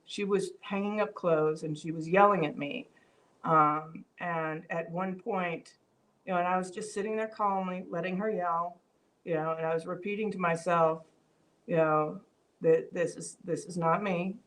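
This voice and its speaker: A woman's voice: on the low side, fairly even intonation, moderate pace. A woman hosting a live-stream vlog, talking reflectively with frequent fillers and restarts, reading viewer comments aloud. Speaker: vlog host. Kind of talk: casual live-stream talk.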